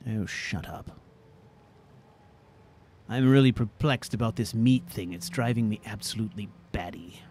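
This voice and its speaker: A man's voice: fairly low pitch, a little slow, pauses often, a little mellow, slight background noise, close to an everyday voice. A man voicing a fussy, bookish male adventurer who talks in prim, formal phrases and grumbles aside during gameplay. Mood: exasperated. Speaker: gameplay narrator voicing his character. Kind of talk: in-character gameplay commentary.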